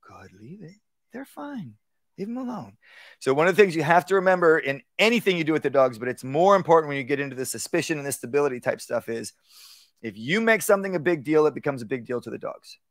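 A man teaching a live workshop on dog training, talking casually and acting out calm, low commands to a dog. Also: fast, no room sound. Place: outdoor workshop.

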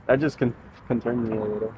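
Teasing young man calling to spirits. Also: medium pitch. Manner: teasing, asking questions out loud to spirits. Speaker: ghost-hunting vlogger. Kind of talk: casual paranormal investigation chat. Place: outdoors at night near a school. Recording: dull lo-fi recording with clear street noise.

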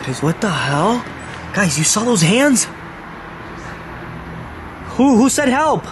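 A vlogger outdoors in a park, with a lively, swinging voice, talking excitedly and now and then dropping to a whisper. There is clear background noise around him. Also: medium pitch, takes it slowly. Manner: excitable, repeated exclamations, sometimes whispering. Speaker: vlog host. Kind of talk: staged horror vlog.

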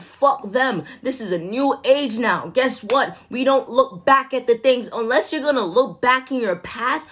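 A woman's voice: high voice, slightly rough. A woman giving an emphatic, slangy motivational talk, cursing freely as she urges listeners on. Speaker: motivational speaker.

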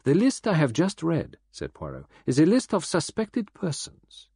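A man voicing a fussy, self-important male detective who speaks gravely and sternly, read for an audiobook. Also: fairly high pitch, huge pitch swings, normal speed, darkish tone, no echo, clean studio sound, voice pushed up, heavily acted. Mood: lecturing.

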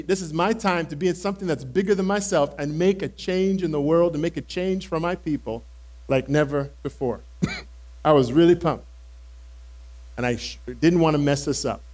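A pastor playing eager impulsive apostle Simon Peter. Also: male voice, a little high, darkish tone, natural voice. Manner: earnest, emphatic, speaks directly to the congregation. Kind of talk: first-person dramatic sermon monologue. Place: church service held in a cinema auditorium.

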